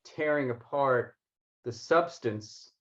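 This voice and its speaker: A man's voice: mid-range voice, takes it slowly, lo-fi sound. A man co-hosting a podcast, responding in a thoughtful, somewhat hesitant way. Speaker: podcast co-host. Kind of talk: political discussion.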